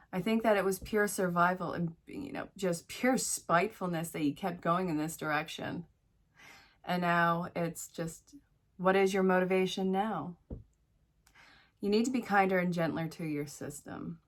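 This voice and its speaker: A woman giving a solo tarot reading, speaking directly and encouragingly to the listener, with chatty asides. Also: mid-range voice. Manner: chatty asides, talks to spirit. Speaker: tarot reader.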